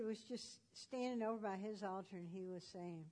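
A woman's voice: mid-range voice, normal speed, hardly any pauses, darkish tone. A woman retelling a Bible story in a folksy, conversational way with casual fillers.

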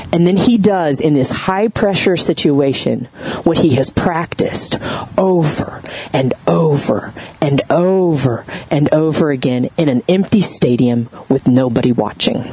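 A woman pastor preaches in a loose, conversational way. She tells a story with lively energy and throws questions out to the congregation. Her voice sits at an ordinary middle pitch. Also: husky, low-quality recording. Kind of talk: sermon.

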